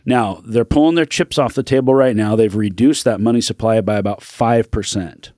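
Low-voiced man talking in a dry studio. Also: moderate pace, dark tone, dry recording. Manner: earnest, rambling with restarts, acts out quoted voices. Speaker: podcast guest, real estate broker. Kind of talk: casual interview talk.

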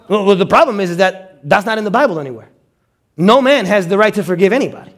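A man preaching a sermon as a pastor, animated, acting out quotes and stumbling over quick repeated words. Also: high-pitched.

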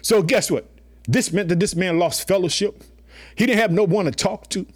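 A man's voice: sits high, normal speed, slightly rough. A man preaching a sermon in a colloquial, emphatic way, calling his listeners family and often saying "guess what" and "let me tell you something.".

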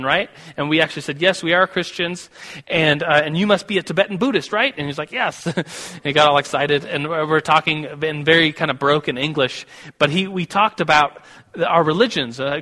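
An American preacher delivers a sermon, telling a personal story conversationally with many restarts. His voice is a little high, pushed, and bright, and the recording carries the long reverb of a hall.

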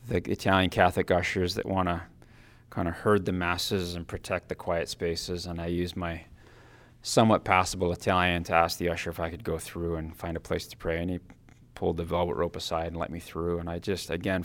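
A man giving a personal devotional talk, earnest and reflective, his phrases often trailing off softly. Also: low-pitched. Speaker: Christian speaker giving a Lenten reflection.

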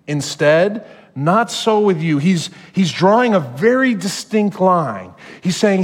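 Animated preaching man in a reverberant hall. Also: high voice, unhurried. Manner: animated, acts out quoted voices. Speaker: pastor. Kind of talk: sermon.

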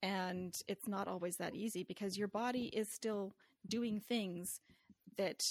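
A woman author talking casually as a podcast guest, informal and a little halting. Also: mid-range voice, fairly even intonation, no room sound, clean studio sound. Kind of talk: casual chat.

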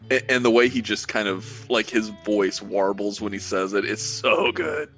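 A man co-hosting a casual music podcast, an animated storyteller. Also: fairly low pitch, normal speed. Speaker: podcast co-host.

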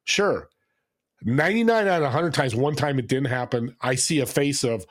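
Guy guest telling stories, mid voice, gets animated doing other people. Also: medium pitch, normal speed. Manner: animated storyteller, acts out customers. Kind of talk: conversational interview.

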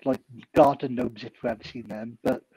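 A man's voice: mid-range voice, steady tone, fairly quick, dark tone, breathy edge, dry recording, rough recording. A man co-hosting a casual podcast, rambling through strong opinions. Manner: rambling, opinionated fan talk. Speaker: podcast co-host. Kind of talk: casual chat.

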